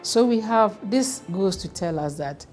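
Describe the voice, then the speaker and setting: A woman's voice: mid-range voice, lively intonation, a little slow, darkish tone, soft background music. A woman, a foundation official speaking earnestly and with emotion in an interview. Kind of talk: interview answers.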